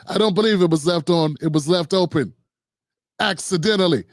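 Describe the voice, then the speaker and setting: A man's voice: high-pitched, normal speed, no room sound, studio quality. A man hosting a live political commentary show, blunt and mocking, talking straight to his viewers. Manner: mocking, blunt, mimics people in put-on voices.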